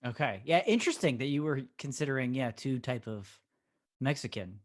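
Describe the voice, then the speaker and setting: A man co-hosting a podcast in casual chat, weighing his picks in a slow, rambling way with jokey emphasis. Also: mid-range voice, animated. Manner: deliberate, rambling, with joking emphasis. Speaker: podcast co-host.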